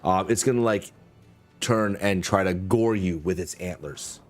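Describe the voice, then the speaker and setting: A man's voice: low voice, a little slow. A man narrating as game master, hesitant, with many fillers and restarts.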